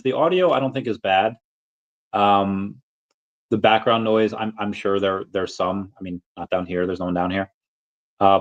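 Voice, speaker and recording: A man's voice: fairly low pitch, highs cut off. A man hosting a casual livestream, reading chat in a rambling, self-amused way from an empty basement on a tablet mic. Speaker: livestream host.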